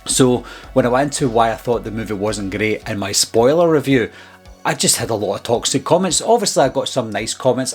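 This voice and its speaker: A man's voice: mid-range voice, slightly rough. A man speaking as a film-review YouTuber, giving an earnest, exasperated casual commentary about his critics. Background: faint background music.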